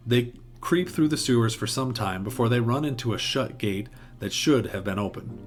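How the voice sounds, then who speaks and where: A man narrating a plot outline in a steady recap tone, with the odd small restart. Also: mid-range voice, moderate pace, faint music behind. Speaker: video essay host.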